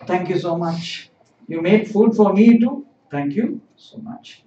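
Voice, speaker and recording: A man teaching a Japanese lesson, repeating each phrase and translating it in a deliberate, explanatory way. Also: high voice, mellow, a little hiss or hum. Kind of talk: live-streamed language lesson. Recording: echoey, distant, dull live-stream audio.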